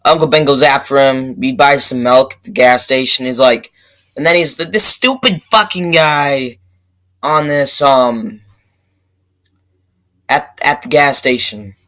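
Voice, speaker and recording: A man giving a rambling, profane movie review rant that keeps flaring up into loud outbursts. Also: medium pitch, a little slow, poor audio.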